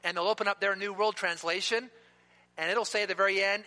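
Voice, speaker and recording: A man preaching a sermon in an emphatic way, slowing down to stress key words. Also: high-pitched, steady tone, pushed and bright. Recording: long reverb of a hall.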